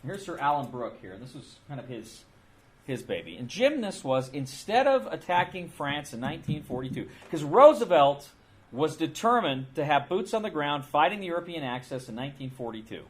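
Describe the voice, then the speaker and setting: A man's voice: fairly high pitch, big pitch swings, moderate pace. A man giving an informal history lecture in a classroom, talking casually and repeating his points. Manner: casual, conversational, with repeated phrases and restarts.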